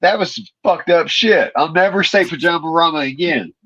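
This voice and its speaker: A man's voice: fairly high pitch, moderate pace, fairly bright tone. A man telling a rowdy, profane story in a casual chat, laughing as he goes. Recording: dull dry lo-fi audio.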